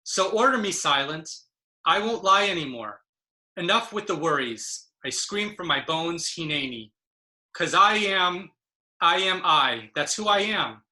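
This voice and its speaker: Woman poet, spoken-word reading over a video call, impassioned and emphatic, bright voice, unhurried. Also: lowish voice, expressive. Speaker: poet and presenter.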